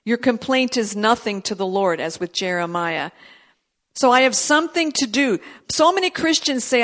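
A woman preaching a sermon in an earnest, emphatic way, her voice pitched a little high. She restarts her sentences often and pushes her delivery harder as she goes. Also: lively intonation, normal speed, fairly bright tone. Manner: earnest, emphatic preaching with rising intensity on quoted prophecy; frequent restarts and fillers. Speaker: pastor.

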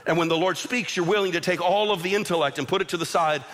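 A man's voice: sits high, quick pace, a bit bright. A middle-aged man preaching a sermon as pastor, impassioned and building, with repeated appeals to his listeners. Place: church sanctuary. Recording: long church reverb with music behind.

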